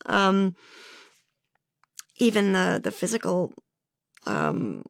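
A woman guest in a candid sit-down conversation, talking frankly and reflectively about herself. Her pitch moves a lot as she speaks, rising and dipping with feeling, and the recording is close and dry with no room sound. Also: huge pitch swings, extremely slow, vocal fry, dry recording. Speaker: interview guest.

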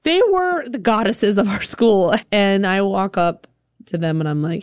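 A woman from Alabama telling a personal story in a lively, chatty way, full of "like". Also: mid-range voice, unhurried, faint music behind.

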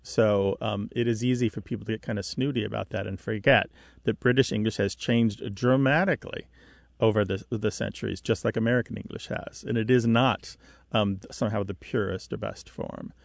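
Gravelly-voiced man explaining on radio. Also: lowish voice, fairly even intonation, a little fast, no room sound, clean studio sound. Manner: patient, explaining with vivid comparisons. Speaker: radio show co-host, language expert. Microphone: studio mic.

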